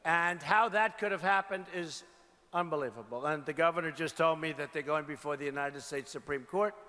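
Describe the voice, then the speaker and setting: A man's voice: fairly high pitch, fairly quick, bright, forceful tone. A man giving a campaign rally speech, emphatic and repetitive, calling out to the crowd. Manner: emphatic, repeats phrases, calls out to crowd. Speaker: political candidate. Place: large indoor rally venue. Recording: reverberant arena with crowd noise. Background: crowd murmur.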